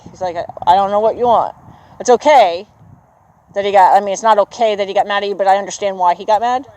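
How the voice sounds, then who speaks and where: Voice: medium pitch, fast talker, a little mellow, no room sound, poor audio. Encouraging horse trainer coaching outdoors. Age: adult with children. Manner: encouraging, praises the horse often. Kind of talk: coaching a riding lesson. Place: outdoor arena.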